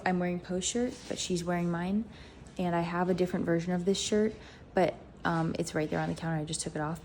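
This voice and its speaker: Chatty, mellow-voiced young woman. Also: on the low side, a little hiss or hum. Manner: chatty, rambling, upbeat. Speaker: vlogger. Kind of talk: casual vlog chat. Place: indoors at home.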